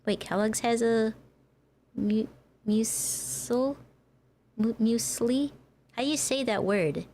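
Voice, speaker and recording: A woman's voice: fairly high pitch, takes it slowly, long pauses, warm tone, a little hiss or hum. An American woman who streams as a VTuber, chatting casually with her viewers and laughing often. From United States. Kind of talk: casual livestream chat.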